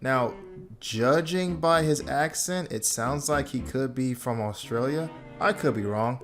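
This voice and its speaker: A man's voice: mid-range voice, a little slow, soft background music. A man hosting a reaction video, giving casual commentary in a blunt, laid-back way and swearing freely.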